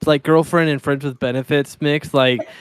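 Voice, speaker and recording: A man hosting a casual podcast chat, telling quick anecdotes in an easygoing way and laughing along. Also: fairly high pitch, fairly even intonation. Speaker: podcast host.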